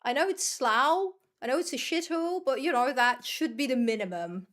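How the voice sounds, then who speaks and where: A young Dutch woman streams her gameplay, commentating as she chats with viewers and swears casually. Her voice is high-pitched and a bit bright, with lively intonation at a normal speed. She's chatty, swears freely, puts herself down, and rambles on to her audience.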